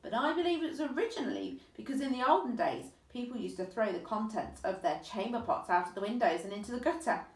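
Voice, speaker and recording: A woman voicing a kindly, old-fashioned elderly male tramp with gentlemanly courtesy in a read-aloud story. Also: fairly high pitch, animated, quick pace, few pauses. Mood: gallant. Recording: echoey room, distant mic.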